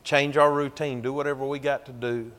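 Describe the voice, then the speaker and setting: A man's voice: medium pitch, flat delivery, brisk, a bit bright. A man with a Georgia Southern accent, preaching a sermon as a pastor and telling a story in a folksy, emphatic way. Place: church.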